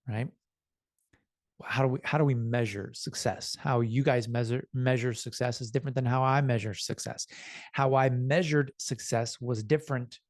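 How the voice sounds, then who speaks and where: A man's voice: mid-range voice, no room sound, studio quality. Earnest man telling a motivational story. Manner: earnest, animated storytelling with quoted voices. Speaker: self-improvement vlogger. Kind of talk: casual motivational talk to camera.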